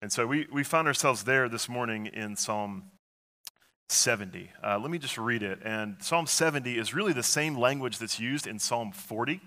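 A man's voice: mid-range voice, normal speed, pushed and bright. A man preaching a sermon in an earnest, conversational way, with frequent fillers and restarts. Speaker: pastor.

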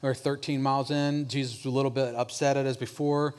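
A man preaching a sermon in a mid-pitched voice. He works through his points with restarts and fillers. He drops low and soft each time he voices the central question. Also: little pitch movement, brisk. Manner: preaching with restarts, drops softer when voicing Jesus' question. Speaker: pastor.

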